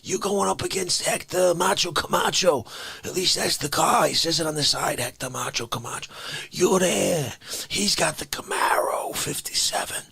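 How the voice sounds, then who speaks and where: A raspy whispering Bronx tough guy. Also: fairly high pitch, expressive, moderate pace, no echo, pitched above the performer's own voice, heavily acted. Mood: menacing. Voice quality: raspy, hoarse whispering, sudden shouts. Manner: menacing interrogating rants. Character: raspy older male Bronx tough guy demanding respect.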